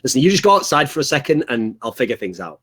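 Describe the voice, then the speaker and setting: A man's voice: mid-range voice, big pitch swings, fast, a bit bright, husky. A man voicing a coaxing team leader talking a teammate into returning. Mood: persuasive. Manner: coaxing, persuasive. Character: persuasive male team leader, smooth talker.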